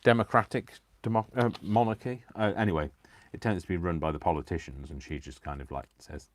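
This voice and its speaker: Deep-voiced and fairly quick, this crafting livestream host chats casually while he works. His talk meanders, he giggles a lot, and he keeps making fun of himself.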